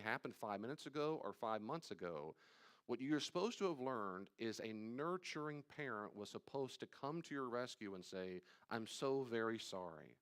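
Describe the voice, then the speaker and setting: A man leading a live church study, talking conversationally with playful asides and sudden loud acted-out quotes. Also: medium pitch. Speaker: pastor teaching a study. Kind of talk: live teaching talk on anxiety. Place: church room with live audience.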